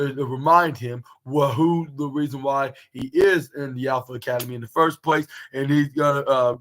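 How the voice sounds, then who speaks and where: A young man talks through a wrestling match move by move in a loose, casual podcast recap. His voice sits a little higher than most men's, and he stumbles through fillers and restarts as he goes. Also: a bit bright, poor audio. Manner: rambling, many fillers and restarts. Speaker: podcast host reviewing wrestling. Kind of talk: casual recap, play-by-play retelling.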